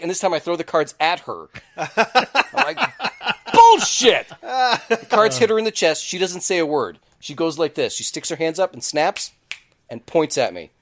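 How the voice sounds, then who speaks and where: A man co-hosting a casual podcast in a studio, telling animated stories and swearing freely. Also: on the high side. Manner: animated storyteller, swears, shouts quoted lines. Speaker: podcast co-host. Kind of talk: casual chat, storytelling.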